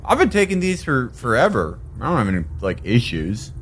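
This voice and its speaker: A man voicing a giddy male adventurer in a high, excited, put-on voice. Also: fairly quick. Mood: indignant.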